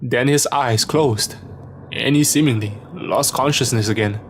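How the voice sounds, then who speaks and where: A man reading a scripted first-person horror story as narrator, in a steady storytelling manner. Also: mid-range voice, measured pace, a little hiss or hum.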